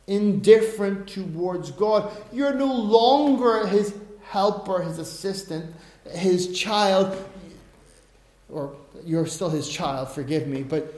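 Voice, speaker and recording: A man preaching a sermon in a conversational way, swinging between quiet asides and loud, emphatic stresses. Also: high-pitched. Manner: conversational, tells personal anecdotes. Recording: roomy echo.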